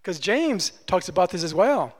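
A man's voice: high-pitched, big pitch swings, moderate pace. A man preaching a conversational sermon as pastor, emphatic and repeating phrases for stress. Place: church. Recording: long church-hall reverb.

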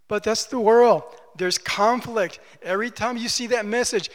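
A man's voice: sits high, normal speed, hardly any pauses, a bit bright. A man preaching a sermon as pastor, exhorting with emphatic repetition, in a long church reverb.

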